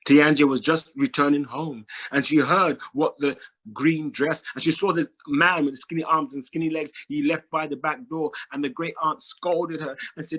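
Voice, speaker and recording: A man telling a folk tale aloud to an audience, rhythmic and repetitive with dramatic pauses. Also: a little high, fairly even intonation, a bit bright. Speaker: storyteller.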